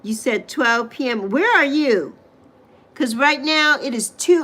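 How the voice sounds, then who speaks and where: A middle-aged woman from the U.S. Virgin Islands speaks in a high-pitched, expressive, fairly bright voice at a measured pace. Hosting a casual livestream, she chats animatedly and reacts emphatically to viewers' comments with exclamations.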